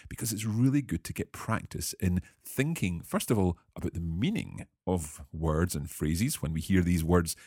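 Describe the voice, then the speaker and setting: A man hosting a language lesson podcast, explaining verb forms patiently and clearly. His voice sits very low but moves a lot in pitch, with a slightly husky edge. The sound is dry and close. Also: a little mellow, no echo. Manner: clear, measured teacher explaining grammar.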